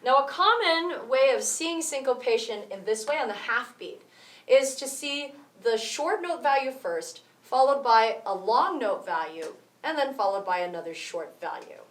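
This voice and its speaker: A woman's voice: fairly high pitch, expressive, normal speed. A woman teaching a music rhythm lesson, explaining step by step and counting beats aloud. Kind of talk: rhythm tutorial. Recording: roomy echo, voice from some distance.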